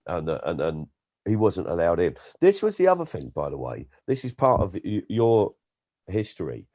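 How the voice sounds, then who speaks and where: Brief: male comedian guest, very deep voice, lively swooping delivery, anecdote-driven chat. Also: moderate pace. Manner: animated storyteller, slips into impressions. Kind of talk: casual interview chat.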